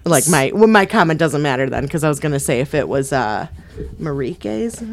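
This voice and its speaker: Lower-voiced woman, rambling podcast chat. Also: sing-song, fairly quick. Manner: rambling and hesitant, with many fillers. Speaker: podcast co-host. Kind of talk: casual film-review chat.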